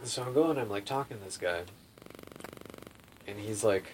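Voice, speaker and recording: A man's voice: lowish voice, moderate pace. A young man telling a rambling personal story in casual chat. He fills his talk with "like" and swearing and laughs often. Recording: faint background noise.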